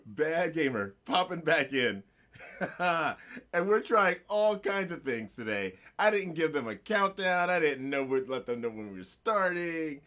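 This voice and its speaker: A middle-aged man hosting a live stream, his voice a touch high and swinging up and down a lot as he jokes and laughs. He talks unhurriedly, giving playful, hyped shout-outs to chat and guests. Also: very animated, unhurried. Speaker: streaming show host.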